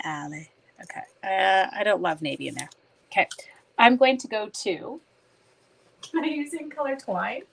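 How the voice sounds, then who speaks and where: A woman's voice: mid-range voice, creaky, breathy edge. Chatty woman crafting live on stream. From Canada. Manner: chatty, self-mocking, talks to viewers by name while working. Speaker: papercraft demonstrator live-streaming. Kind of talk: casual live-stream chat while crafting.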